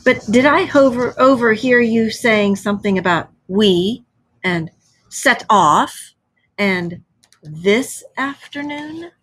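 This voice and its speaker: A woman's voice: mid-range voice, fairly bright tone, husky. A woman voicing a cautious, stubborn male water rat in a storybook read-aloud. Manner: slow, sniffy.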